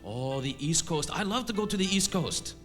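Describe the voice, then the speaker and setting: A woman's voice: fairly low pitch, lively intonation, moderate pace, a bit bright, faint music behind. A man voicing a friendly, nosy older woman who works as a bath attendant, speaking in a chirpy, prying way.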